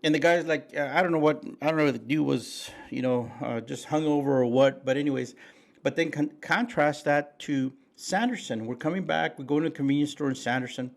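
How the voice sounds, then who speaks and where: A man's voice: a little high, a little fast, gravelly. Man, folksy, preachy, fillers and restarts, co-host chat. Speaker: podcast co-host. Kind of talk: casual political chat.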